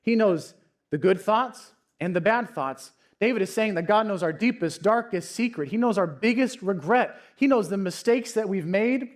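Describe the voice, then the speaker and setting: A young adult man with a notably high voice delivers a church sermon. He tells stories earnestly, sinking to near-hushed lines and then lifting into raised, emphatic passages. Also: lively intonation, moderate pace. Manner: earnest, storytelling with dynamic swings from hushed to raised. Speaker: pastor.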